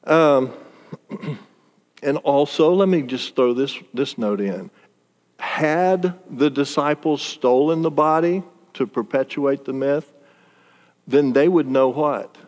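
Brief: male preacher, lively storyteller with frequent chuckles, slightly high voice, long reverb of a large hall. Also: slow pace. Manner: animated storytelling, chuckles often. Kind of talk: sermon.

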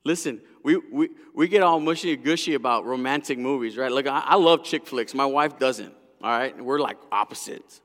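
A middle-aged man preaching a sermon as a pastor, an animated storyteller whose lively delivery drops to hushed intensity. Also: medium pitch, moderate pace, few pauses. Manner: animated storyteller, acting out voices. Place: large church hall. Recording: long hall reverb.

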